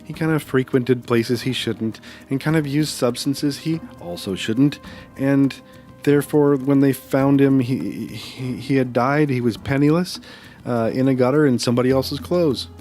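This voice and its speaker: A man recording a voice-over while he draws. He reads a poem theatrically, then chats in a relaxed, rambling way. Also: mid-range voice. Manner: theatrical recitation with swelling and fading volume; relaxed, rambling chat with fillers. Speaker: artist drawing on video. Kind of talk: dramatic poetry reading, then casual chat.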